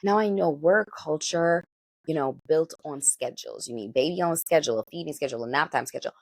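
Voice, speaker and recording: A woman doula giving parenting advice in a coaching manner, often checking in with listeners and swinging her pitch and pace expressively. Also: quick pace, gravelly, dry recording.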